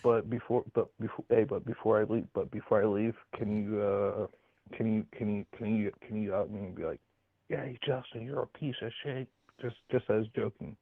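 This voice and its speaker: Gravelly male caller on a tinny phone line. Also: fairly low pitch, level tone, a little fast, no echo. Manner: repetitive, pleading, stuttering restarts. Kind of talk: call-in chat.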